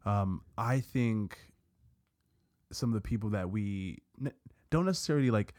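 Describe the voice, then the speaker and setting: Low-voiced man, easygoing and hesitant. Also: animated, a little slow, a little mellow, no echo, studio quality. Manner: easygoing, hesitant, many fillers. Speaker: podcast co-host. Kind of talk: casual chat.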